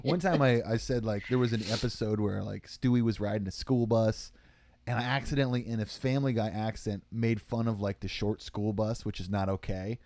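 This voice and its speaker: Man co-host, joking storyteller, dropping into quick impressions; dry, close recording. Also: on the low side, steady tone, darkish tone, dry recording. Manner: joking, tells anecdotes, does quick impressions. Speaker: podcast co-host. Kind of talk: casual chat.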